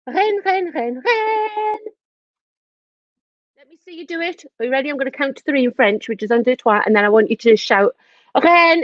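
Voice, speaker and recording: A woman teaching French words to children in an online lesson, repeating each word in a lively, sing-song way. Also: fairly high pitch, dry recording, muffled recording.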